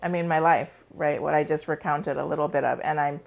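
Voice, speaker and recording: A woman's voice: sits low, fairly even intonation, fairly quick, vocal fry. A woman in her forties, a psychologist guest, telling a personal story in a casual interview with many fillers.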